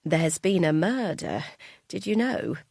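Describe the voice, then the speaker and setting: A woman's voice: lowish voice, big pitch swings, takes it slowly, creaky, a little mellow, dry recording, clean studio sound, full character voice. A woman voicing an elderly mother who is confused, gossipy and fond of her son. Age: older. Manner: chatty, tutting, easily muddled.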